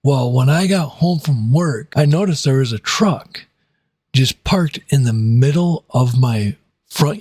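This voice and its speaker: A man's voice: a little mellow, no room sound. A young man in his twenties telling a casual storytime, rambling with many fillers and restarts. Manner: rambling, many fillers and restarts, voices quotes in a higher pitch.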